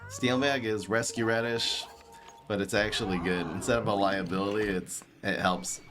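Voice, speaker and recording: A man with a light New York-tinged East Coast accent, streaming a card game and thinking aloud in excitable, laughing commentary. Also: on the low side, moderate pace, music in the background.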